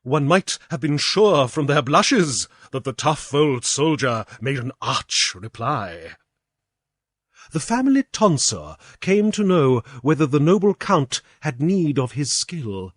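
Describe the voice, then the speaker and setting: A British man reads an old storybook aloud in a measured, expressive way. His voice sits a little high and moves widely in pitch. The recording is dry and close, with no room sound. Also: dry recording. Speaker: audiobook reader. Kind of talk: storybook narration.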